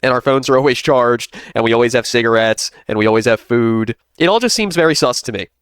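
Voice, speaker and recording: A man's voice: medium pitch, a little fast, a bit bright, smooth, dry recording, clean studio sound. A man giving casual commentary, ranting in a sarcastic, suspicious way. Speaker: co-host.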